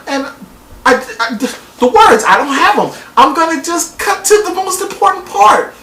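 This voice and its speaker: A woman recapping a reality TV episode in a casual vlog, profane and animated, acting out quotes in exaggerated voices. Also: sits high. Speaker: TV show reviewer. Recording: roomy echo.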